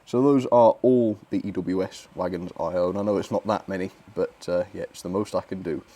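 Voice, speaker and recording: A man's voice: deep voice, steady tone, a little fast, dark tone. A young man hosting a model railway live stream, chatting cheerfully and thanking viewers, with fillers and little laughs. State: a bit out of breath.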